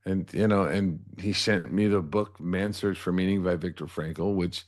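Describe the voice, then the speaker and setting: A man's voice: low voice, moderate pace, a little mellow. A middle-aged man telling his life story earnestly as an interview guest, often restarting words and asking "right?" after his points. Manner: earnest, repeats words when starting a thought, asks "right?" after points. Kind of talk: candid personal storytelling.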